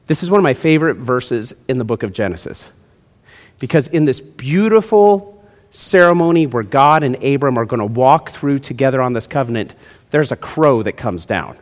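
A male pastor preaching a lively, jokey sermon in a church, swinging between loud and hushed. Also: medium pitch, normal speed, big-room sound. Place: church sanctuary.

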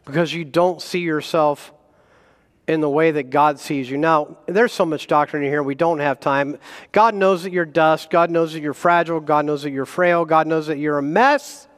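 Preaching man, slightly high voice, reverberant hall. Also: normal speed. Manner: animated preaching with self-deprecating humor and chuckles. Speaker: guest pastor. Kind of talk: sermon. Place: church sanctuary.

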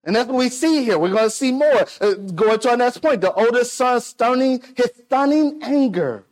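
A man preaching a sermon, animated, swinging between loud declarations and hushed asides, acting out the people in the story. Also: extremely high pitch, a little fast. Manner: acts out quoted voices of people in the story.

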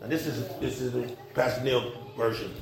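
A male pastor delivering a casual, humorous sermon full of slang, swinging between loud bursts and quiet asides. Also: medium pitch, fairly even intonation, moderate pace, vocal fry, roomy sound, a crowd in the background. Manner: informal preaching with slang and humor, rising and dropping in intensity.

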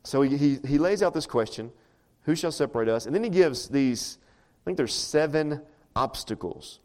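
Speaking at a moderate pace, this male pastor has a slightly high, somewhat mellow voice and an animated delivery. He preaches to a church congregation casually, as if in conversation, often throwing out rhetorical questions.

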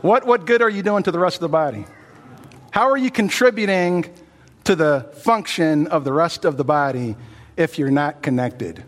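A male pastor delivers a sermon in a relaxed, folksy storytelling manner, scattering fillers through his sentences. His voice sits somewhat high for a man, and it rings with the long reverb of a church sanctuary. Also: moderate pace. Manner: folksy storytelling with many "you know" fillers.

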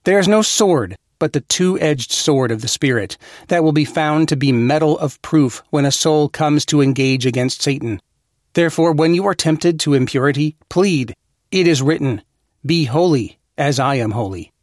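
A man reads an old sermon text aloud with earnest, formal weight. His voice sits a little high for a man, and each phrase is measured out steadily. The sound is dry and close, with no room around it. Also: dry recording. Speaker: reader of a devotional text.

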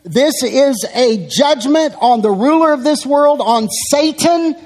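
A man delivers an expository sermon in a very high voice, taking his time over each phrase. His emphatic, unhurried teaching carries a long reverb from the church sanctuary around him. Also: expressive, darkish tone. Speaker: preacher.

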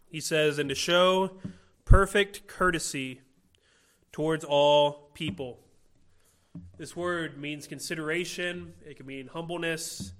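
Male preacher, sermon delivery, earnest and emphatic, bright voice, slightly high pitch. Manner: earnest, rhetorical questions, slow emphatic phrasing.

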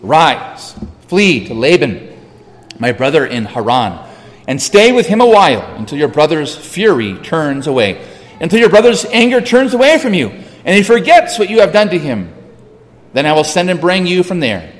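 A man's voice: on the high side, big pitch swings, normal speed. A man voicing a scheming mother who gives urgent, pressing instructions, heard with a long hall reverb.

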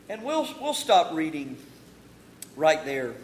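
A male pastor preaching an evening sermon in a church, folksy in his talk and slow and emphatic when he reads scripture. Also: sits high. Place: church sanctuary. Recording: roomy church echo.

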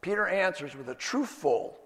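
High-voiced man preaching in a hall. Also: sing-song, a bit bright. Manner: earnest, emphatic teaching with slowed stresses. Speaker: pastor. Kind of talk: sermon.

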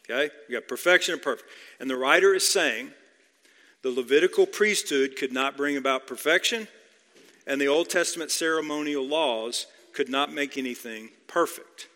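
A man's voice: medium pitch, moderate pace, pushed and bright. A man preaching an expository sermon, emphatic, repeating key phrases and asking questions of his listeners. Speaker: pastor. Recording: long hall reverb.

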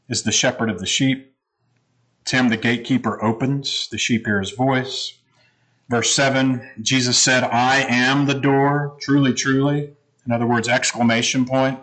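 A man's voice: mid-range voice, fairly bright tone, low-quality recording. A man preaching a sermon, explaining scripture in a conversational, teaching manner. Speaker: pastor.

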